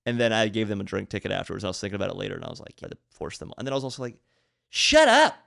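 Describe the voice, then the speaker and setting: Gravelly fast-talking comedian man. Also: on the low side, dry recording, studio quality. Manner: rambling storyteller, lots of fillers. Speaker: comedian guest. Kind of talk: casual podcast chat.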